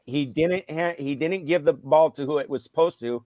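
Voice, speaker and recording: A man in casual chat telling a coaching story, acting out what he yelled on the sideline. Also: fairly high pitch, moderate pace, no echo. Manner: animated storyteller, yells out quoted lines. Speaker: youth football coach.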